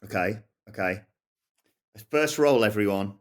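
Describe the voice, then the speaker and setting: A man's voice: fairly low pitch, animated, measured pace. A man with an English accent playing a barbarian in a tabletop game, chatting and joking about his dice rolls. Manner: joking, self-mocking. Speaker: player as a Goliath barbarian. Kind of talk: casual tabletop play.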